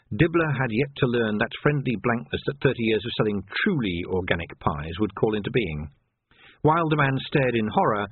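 A man reading a comic novel aloud in an expressive, wry storytelling manner. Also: medium pitch, breathy edge, no room sound. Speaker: audiobook narrator. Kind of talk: storybook narration. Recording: dry, phone-like narrow sound.

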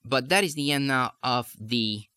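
A man teaching an accent lesson for actors, explaining in a measured way and now and then showing a lilt in his own voice. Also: medium pitch, sharp tone, smooth, dry recording, studio quality. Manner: measured, demonstrates lilts while explaining. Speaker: dialect coach.

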